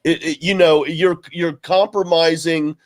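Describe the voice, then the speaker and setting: A man's voice: on the high side, steady tone, measured pace. A man co-hosting a podcast in casual chat, blunt and swearing, often saying "dude" and repeating himself. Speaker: podcast co-host.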